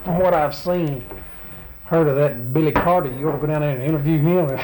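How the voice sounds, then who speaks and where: An older man speaks in a mellow, warm tone. He rambles along in a folksy, plainspoken way, answering questions as the interviewee. A faint hiss runs under his voice. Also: a little high, a little fast, rough recording. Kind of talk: casual chat.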